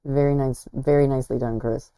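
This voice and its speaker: A woman's voice: a bass voice, steady tone, brisk, mellow, poor audio. A woman hosting a casual livestream, chatting in an admiring, self-deprecating way as she walks through viewers' work. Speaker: host.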